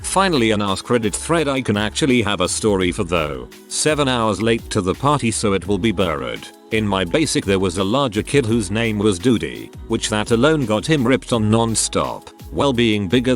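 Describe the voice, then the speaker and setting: A man narrating online posts aloud in an even, matter-of-fact reading style. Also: lowish voice.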